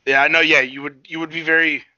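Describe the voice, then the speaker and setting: Man, excitable podcast co-host, joking, swearing, quick talker, dull lo-fi sound. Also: fairly high pitch, noisy background. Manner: excitable, joking, swears a lot, calls his friend buddy. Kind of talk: casual chat.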